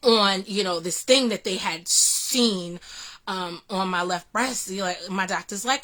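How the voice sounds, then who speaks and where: A woman's voice: mid-range voice, measured pace, pushed and bright. A woman vlogger earnestly recounting a personal experience, full of restarts and fillers. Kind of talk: personal storytelling vlog.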